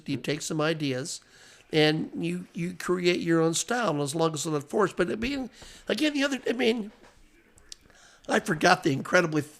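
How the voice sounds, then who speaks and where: A man's voice: fairly high pitch, a bit bright. Rambling storytelling man. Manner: rambling, repeats words, laughs while telling. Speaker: race announcer, podcast guest. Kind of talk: casual storytelling chat.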